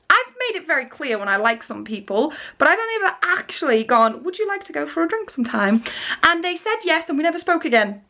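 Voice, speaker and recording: A young woman, talking straight to her viewers in a casual vlog. Her voice sits high, and she tells her story in a chatty, animated rush, breaking into nervous laughs and restarting her sentences. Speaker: vlogger.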